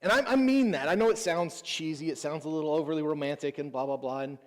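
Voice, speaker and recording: A man's voice: fairly high pitch, fast. Man in his thirties preaching in an echoing church. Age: 30s. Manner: casual, personal storytelling with self-deprecating humor. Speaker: pastor. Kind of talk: conversational sermon. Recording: long hall reverb.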